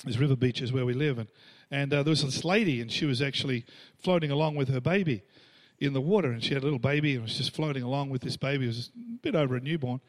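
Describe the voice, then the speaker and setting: A man's voice: medium pitch, expressive, quick pace, few pauses. A middle-aged Australian man preaching a storytelling sermon, acting out the voices he quotes and laughing between lines. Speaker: pastor.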